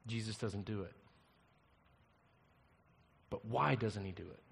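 A male pastor preaching a sermon, an animated storyteller who swings from loud to hushed. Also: on the low side, takes it slowly, gravelly, slightly rough, big-room sound.

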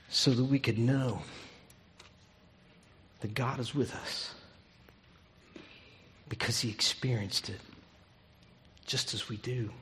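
A pastor preaching a sermon, his delivery swinging from loud emphatic peaks down to hushed, near-whispered lines. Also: medium pitch, steady tone, takes it slowly, pauses often, in a large hall, a little hiss or hum.

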